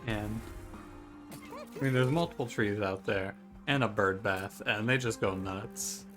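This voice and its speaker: A man with a lowish voice speaks at a measured pace while playing a video game in a room at home by a window. He offers wry, joking gameplay commentary and mock trash-talk as game music plays.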